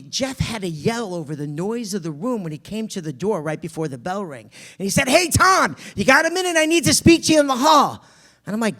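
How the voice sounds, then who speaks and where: A man telling a personal story to an audience, acting out the dialogue dramatically. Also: vocal fry. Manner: dramatic, acts out dialogue with big pitch swings.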